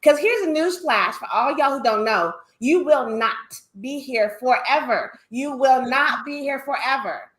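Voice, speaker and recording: A woman's voice: high voice, animated, a little slow, hardly any pauses, a bit bright, roomy sound. A woman speaking as a panel guest, blunt and emphatic, repeating her key lines for weight. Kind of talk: panel discussion.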